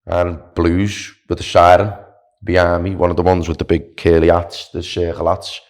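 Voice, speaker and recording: A young man tells a story in casual podcast chat. His voice sits very low. He rambles in an animated way, stacking fillers and restarts. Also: normal speed. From Wales. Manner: animated, chatty, filler-heavy with "like" and "do you know what I mean". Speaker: podcast guest, long-distance walker.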